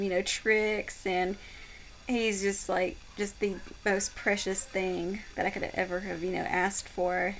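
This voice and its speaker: A woman vlogger talking to the camera in a halting, heartfelt way, with many fillers and pauses. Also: medium pitch, vocal fry, a little hiss or hum, poor audio. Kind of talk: casual heartfelt talk to camera.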